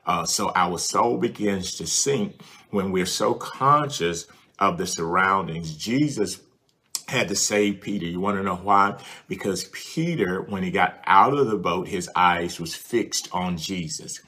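A man's voice: deep voice, a little slow, bright, forceful tone, slightly rough. A man preaching a sermon, earnest and repetitive, speaking straight to the listener. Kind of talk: sermon with prayer ministry.

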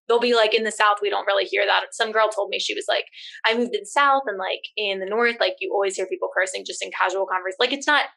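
Quick jersey girl in her 20s chatting with a friend, bright voice, laughs a ton, says like constantly. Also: mid-range voice, vocal fry. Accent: New Jersey. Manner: quick, laughing often, sprinkled with "like" and swearing. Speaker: podcast co-host. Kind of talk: casual chat.

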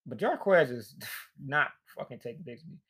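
A man's voice: medium pitch, animated, normal speed, a bit bright, husky. A young man rambling in a tired, frustrated, profane rant, worn out and fatigued. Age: young adult. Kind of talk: casual rant.

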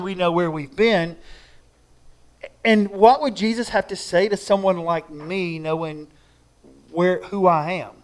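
A male pastor preaching a sermon in a relaxed, conversational way, drawing his listeners into an imagined scene. His voice sits notably high for a man. He talks with feeling, often putting words into imagined people's mouths as he tells the story.

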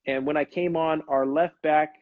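A man's voice: fairly high pitch, fairly even intonation, moderate pace, dry recording, narrow, tinny audio. A man in his thirties hosting a casual livestream, telling stories in a laid-back way. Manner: laid-back storytelling, calls people brother. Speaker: livestream host, former pro soccer player.

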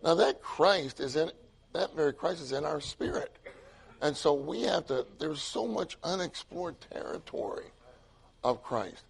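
An older man preaching a sermon, excitable and repetitive, swinging from loud emphatic lines to hushed asides. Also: on the high side, a little slow, vocal fry, breathy edge.

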